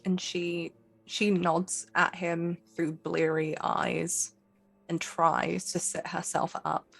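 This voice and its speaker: A woman playing a tabletop role-playing game describes her character's struggle in earnest, vivid detail. Her voice is low and husky, gravelly at the edges and fairly bright, with a level tone, and she takes it slowly.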